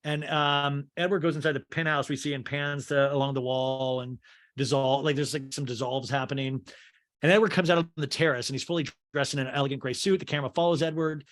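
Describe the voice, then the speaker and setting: A man hosting a comedy podcast, recapping a movie in a jokey, animated way and acting out the dialogue. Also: mid-range voice, brisk. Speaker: podcast host.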